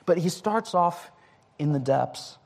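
Casual-talking male preacher, higher voice. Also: animated, slow pace, vocal fry. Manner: casual, with frequent "like" and restarts. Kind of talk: conversational sermon.

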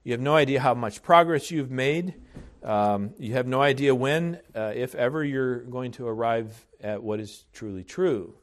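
A man preaching a sermon in an earnest, deliberate way, often restarting his phrases. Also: medium pitch.

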